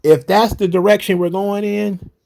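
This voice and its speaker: Brief: man ranting about wrestling, blunt and profane, slightly high voice. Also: steady tone, moderate pace, vocal fry, darkish tone. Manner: blunt, exasperated, swears freely. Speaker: wrestling commentary host. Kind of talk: casual profane commentary.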